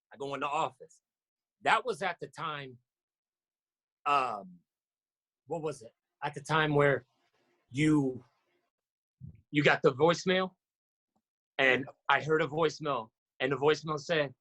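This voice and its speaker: A man, a basketball coach, telling stories in a casual interview, animated and acting out what others said with sudden jumps in pitch. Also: a little slow, long pauses. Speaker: podcast guest, basketball coach.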